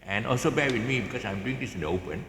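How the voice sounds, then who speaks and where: A man's voice: medium pitch, expressive, fast talker, fairly bright tone, reverberant, long reverb tail, a little hiss or hum. A man with a Malaysian English accent giving a casual guitar tutorial, rambling with many fillers and restarts and chuckling often, recorded outdoors. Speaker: guitar teacher. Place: outdoors, in the open.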